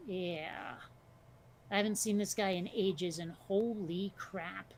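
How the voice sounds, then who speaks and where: A woman's voice: mid-range voice, steady tone, slow pace, darkish tone, slight background noise. A woman co-hosting a casual podcast chat, talking bluntly, swearing freely and telling stories with energy. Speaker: podcast co-host.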